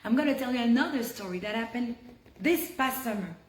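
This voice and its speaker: Animated high-voiced woman telling stories. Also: a little fast. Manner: lively, acts out quoted voices, frequent "like" fillers. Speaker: storyteller guest. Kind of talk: animated personal storytelling. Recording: echoey room with faint noise.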